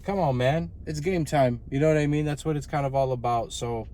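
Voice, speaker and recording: A man's voice: a little high, fairly quick, dark tone. Blunt, slangy male coach. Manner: blunt, slangy, filler-heavy talk. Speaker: men's self-improvement coach. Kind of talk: casual advice monologue.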